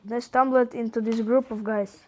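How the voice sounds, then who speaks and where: A man with a Croatian accent reading the texts of a frightened young woman lost in dark woods, in a panicky, breathless way. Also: extremely high pitch, little pitch movement, normal speed, slight background noise. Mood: scared.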